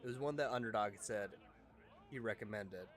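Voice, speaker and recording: A man streaming a game live, chatting affectionately and excitably with his viewers and reacting loudly to the action. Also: fairly low pitch, normal speed. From Utah, US. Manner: excitable, affectionate, talks to chat. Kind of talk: casual gameplay livestream chat.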